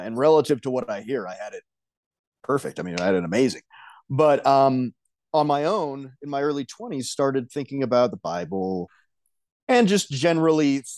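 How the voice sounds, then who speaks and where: Podcast guest, young man; halting, self-conscious, dry close recording. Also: medium pitch, no echo. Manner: hesitant, many restarts and soft laughs. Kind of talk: casual chat.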